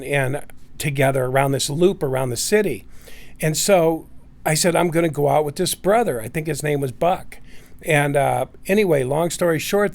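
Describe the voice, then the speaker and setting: A middle-aged man, his voice sitting slightly high, telling a personal story in a loose, casual way. He rambles, circles back and restarts his sentences, filling the gaps with "you know" and "uh". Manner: rambling, many fillers and restarts.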